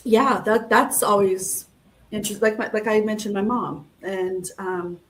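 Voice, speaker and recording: A woman's voice: mid-range voice, fairly even intonation, moderate pace, a little hiss or hum, low-quality recording. A woman co-hosting a live talk show, reflective and affirming as she shares her thoughts. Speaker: show co-host.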